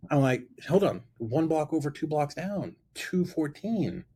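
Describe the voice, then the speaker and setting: A man telling an animated story about his past, acting out both sides of a conversation. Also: fairly high pitch, moderate pace, husky. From Florida. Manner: lively storyteller who acts out both sides of dialogue. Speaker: guest investor telling a story. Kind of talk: animated anecdote on a talk show.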